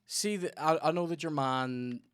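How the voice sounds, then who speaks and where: A man's voice: a little high, unhurried, smooth, no echo. Swearing Northern Irish man telling stories. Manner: swears a lot, tells animated stories. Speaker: podcast host. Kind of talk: casual chat.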